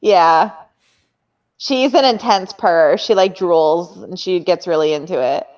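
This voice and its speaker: A woman's voice: fairly low pitch, unhurried, darkish tone, muffled recording. A woman hosting a casual trivia stream, teasing and laughing often as she chats with her boyfriend. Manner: giggly, teasing. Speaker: trivia host. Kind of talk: casual chat.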